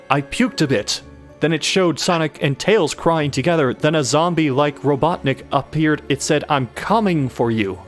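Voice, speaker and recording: A young man hosting a comedic live reading of a bad horror story, stumbling over misspellings and cracking up. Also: medium pitch.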